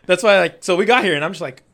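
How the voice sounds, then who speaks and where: A man co-hosting a casual podcast, animated and swearing often as he talks. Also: high-pitched, fast talker. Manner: profane, animated, swears a lot. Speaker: podcast co-host. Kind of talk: casual chat.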